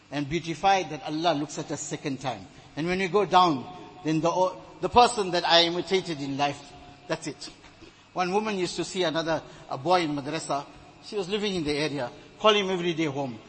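A man's voice: fairly high pitch, a bit bright, a little hiss or hum, poor audio. A man preaching a sermon, earnest and exhorting, telling stories with retold dialogue.

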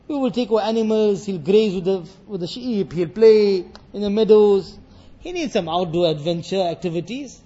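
A man giving a sermon on a Quran passage, reciting verses and explaining them with lively acted dialogue. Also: sits high, normal speed, highs cut off. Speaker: Islamic scholar teaching Quran commentary.

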